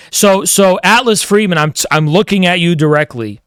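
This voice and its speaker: A man's voice: sits high, fairly quick, few pauses, a bit bright, clear, resonant tone, no echo, clean studio sound. A man hosting a livestream, ranting casually with heavy swearing and mock-grandiose taunts. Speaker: livestream host. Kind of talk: casual streaming rant.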